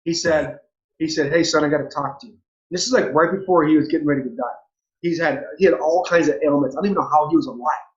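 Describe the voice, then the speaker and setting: A high-pitched man in his forties, originally from Southern California, opens up in a heartfelt interview. He circles back over his words and restarts phrases earnestly. The audio is dull and lo-fi. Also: fast talker, reverberant. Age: 40s. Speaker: interview guest, former pro baseball player. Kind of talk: heartfelt personal storytelling.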